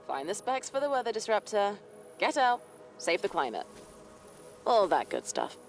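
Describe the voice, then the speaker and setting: A woman's voice: medium pitch, huge pitch swings, normal speed, faint music behind. A woman voicing an upbeat young mission guide who briefs the player over comms in a breezy, businesslike way. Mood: briefing.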